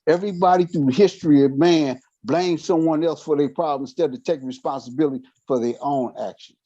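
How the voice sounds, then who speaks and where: A man with a mellow, slightly raised voice speaks earnestly in a support group. He reflects on his own past. The call audio is dull and muffled. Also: on the high side, brisk. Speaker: group participant. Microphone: video call.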